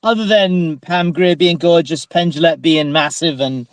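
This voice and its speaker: A polite man with a slightly higher voice speaks hesitantly in a casual podcast discussion, stumbling over a few words. His voice sounds close and dry. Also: steady tone, moderate pace, no echo. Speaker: podcast panelist.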